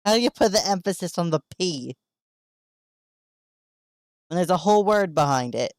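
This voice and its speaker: A woman's voice: lowish voice, lively intonation, moderate pace, darkish tone, no echo, clean studio sound. A woman hosting a live drawing stream, chatting casually, giggly and playfully incredulous. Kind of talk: casual chat while drawing.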